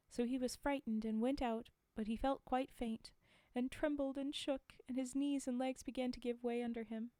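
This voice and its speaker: A woman reads a fairy tale aloud on a live stream, pausing often to laugh and chat with her viewers. Her voice is fairly high yet mellow and soft. The close microphone sounds dry, with no room echo. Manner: chatty asides to chat, frequent laughs. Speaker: storyteller streamer.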